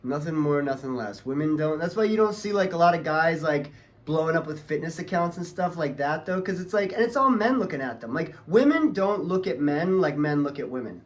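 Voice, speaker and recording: A man's voice: a little high, lively intonation, brisk. A man ranting heatedly on his vlog, swearing a lot and talking in a casual, angry way. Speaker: vlogger.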